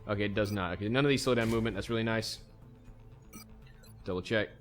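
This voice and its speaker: A man's voice: fairly low pitch, fast talker, soft background music. A man hosting a let's play, casually thinking aloud as he plays a strategy game. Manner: easygoing, thinks aloud while playing. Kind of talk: casual gameplay commentary.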